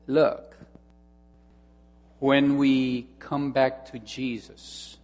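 A male pastor preaches at a slow, deliberate pace, dropping to hushed asides and then pressing his points through repetition. His voice rings with the long reverb of a church hall. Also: medium pitch. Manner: storytelling, swinging between hushed asides and emphatic repetition. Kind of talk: sermon.

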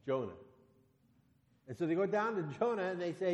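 A man preaching a sermon, retelling a story in a conversational, storytelling way and getting animated when he voices the characters. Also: on the high side, fairly quick, pauses often, big-room sound.

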